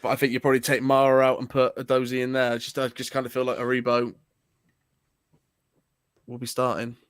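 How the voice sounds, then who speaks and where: An English man with a mid-range voice co-hosts a football fan live stream. He teases his partner and trips over quick restarts. The sound is close and dry. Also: mid-range voice, monotone, smooth, no echo. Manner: teasing, stammering restarts. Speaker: co-host of a football fan show. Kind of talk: casual live-stream chat.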